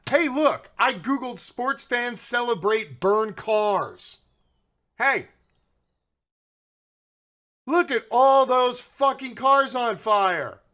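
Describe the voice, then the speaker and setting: A man's voice: very high voice, huge pitch swings, very slow, long pauses, pushed and bright. A man hosting political commentary, ranting in a sarcastic, mocking way and swearing freely.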